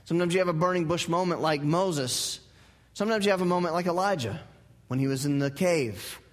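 A man's voice: on the high side, fairly quick, long reverb tail. A male pastor preaching a sermon in a church, conversational and joking, repeating his key phrases. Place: church sanctuary.

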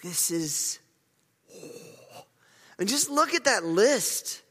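A pastor with a high, husky, sing-song voice stretches out his words in a bright, forceful tone. He preaches slightly raised and earnest, often stumbling and restarting. A long, lingering reverb from the church hall trails his words.

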